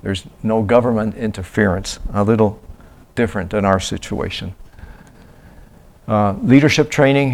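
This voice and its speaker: A man telling a church about his mission work in a halting, casual way, often restarting his sentences. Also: on the low side, vocal fry. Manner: halting, restarts, acts out quoted voices loudly. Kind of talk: casual slide-show talk.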